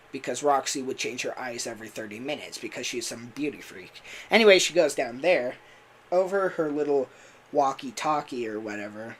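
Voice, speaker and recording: A man's voice: mid-range voice, lively intonation, moderate pace, a bit bright, a little hiss or hum. A man who voices characters, chatting casually on a livestream in a rambling way with lots of fillers. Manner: rambling, full of fillers and laughs. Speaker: voice actor and streamer.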